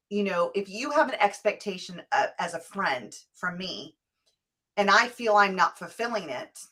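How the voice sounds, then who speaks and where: A woman's voice: medium pitch, a bit bright. A woman co-hosting a casual talk show, chatting in a reflective way and recalling stories from childhood. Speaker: co-host.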